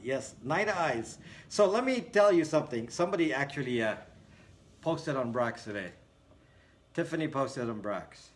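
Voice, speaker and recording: A man's voice: medium pitch, animated, moderate pace, slight background noise. A man hosting a casual livestream, answering viewer comments with sarcastic jokes, frequent laughs and rambling asides. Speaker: livestream host.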